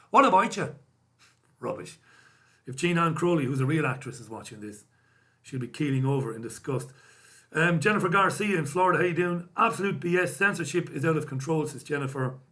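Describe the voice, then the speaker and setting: An Irish man hosts a live stream, reading out viewer comments with casual, wry, self-deprecating banter. His voice is mid-range and a bit bright.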